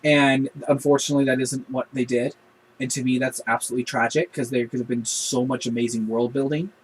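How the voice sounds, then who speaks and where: A man giving a casual spoken review of a show episode, retelling scenes in a passionate, animated way. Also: mid-range voice, a little fast, slight background noise, poor audio.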